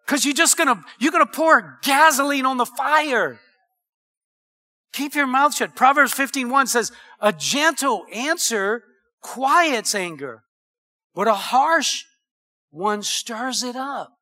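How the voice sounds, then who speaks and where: A middle-aged man delivers a sermon in a high, ringing voice with a very bright, forceful edge. He is animated, calls the congregation for amens, and laughs at his own jokes. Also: slow. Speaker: pastor.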